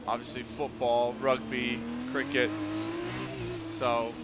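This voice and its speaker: A man streams a racing game and chats casually as he drives, swearing freely. His voice is mid-pitched, and loud race car engine noise roars underneath. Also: level tone, takes it slowly. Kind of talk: live gameplay commentary. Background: racing game car sounds.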